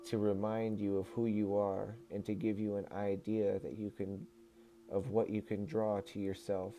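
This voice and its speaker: Male stream host, even-toned, measured reader who slips into relaxed chat with viewers. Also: fairly low pitch. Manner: calm, measured reading, turning casual and friendly when greeting chat. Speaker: livestream host reading aloud. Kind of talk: reading a book aloud on a livestream, chatting with viewers.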